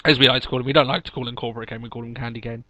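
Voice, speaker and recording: A man's voice: medium pitch, little pitch movement, very fast, bright, forceful tone, no echo, highs cut off. A man with a mid-range voice co-hosts a casual chat podcast. He rambles with fillers and laughs often. The sound is close and dry, with little room. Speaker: podcast co-host.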